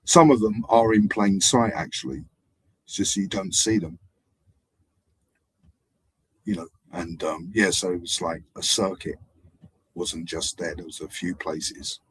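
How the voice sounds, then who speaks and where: A man drifts through a meandering live-stream monologue, circling back and repeating himself. His voice sits low and has a husky edge. The sound is dry and close. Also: a little slow, long pauses, no echo, rough recording. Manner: digressive, hesitant, repeats himself. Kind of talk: rambling casual monologue.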